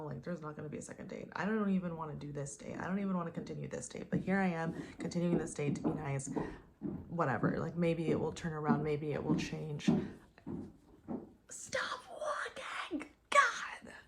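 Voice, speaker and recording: A woman's voice: low-pitched, quick pace, vocal fry, background noise. A young woman telling a dating story casually, chatty and full of "like" fillers. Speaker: vlogger.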